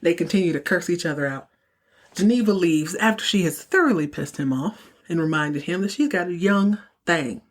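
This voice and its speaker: A woman with a lowish voice recapping a TV episode on her podcast. She tells it in an animated, gossipy, conversational manner. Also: normal speed. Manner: animated, chatty storytelling. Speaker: podcast host.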